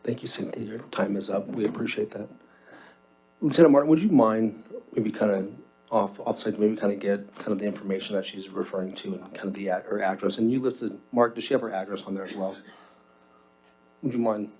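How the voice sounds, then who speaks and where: A man's voice: lowish voice, fairly even intonation, brisk, darkish tone, slightly rough, poor audio. A man presiding as mayor over a council meeting, making meandering, hedging requests. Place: council chamber.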